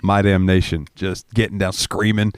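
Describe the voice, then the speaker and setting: A man co-hosting a podcast, with a smooth voice and a laid-back way of talking that is often broken by laughter. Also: little pitch movement, moderate pace, no echo. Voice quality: smooth, deep voice. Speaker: podcast co-host. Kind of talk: casual chat.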